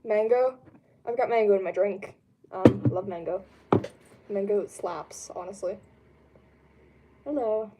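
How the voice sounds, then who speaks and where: A woman's voice: medium pitch, slow pace, long pauses, noisy background. Chatty young woman streaming from home. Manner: rambling, lots of ums, laughs easily. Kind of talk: casual chat answering live chat. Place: home room.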